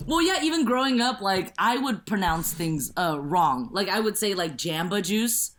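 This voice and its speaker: A woman's voice: mid-range voice, lively intonation, normal speed, fairly bright tone, a little hiss or hum. A woman from the Los Angeles area, a comedian and actress guesting on a podcast, chatting casually in a playful, laughing, slangy way.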